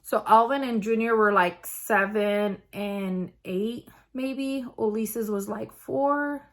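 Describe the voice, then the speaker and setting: A woman recounting her own story in a casual vlog. She talks in a halting, unpolished way, stopping to restart and filling gaps with small hesitations. Her voice sits at an ordinary middle pitch. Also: fairly bright tone. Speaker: vlogger.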